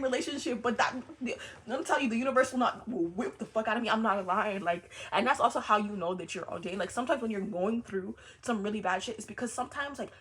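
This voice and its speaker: A young woman talking in a casual vlog as a spiritual content creator, animated and repetitive, with swearing and laughing asides. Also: mid-range voice. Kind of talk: casual personal vlog monologue.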